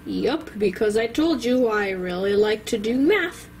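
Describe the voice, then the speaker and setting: A woman's voice: a little high, animated, a little slow, darkish tone, faint music behind. A woman voicing Benjamin, a boastful little boy. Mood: chatty. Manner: show-off exclamations. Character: boastful little boy toddler who loves math.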